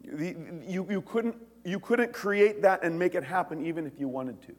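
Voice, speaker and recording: A male pastor delivers a sermon in a casual, animated style, tossing in jokes and asides. His voice sits a little high and swings widely in pitch. The sound carries a long reverb from a large hall. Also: normal speed, hardly any pauses. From United States. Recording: echoey hall.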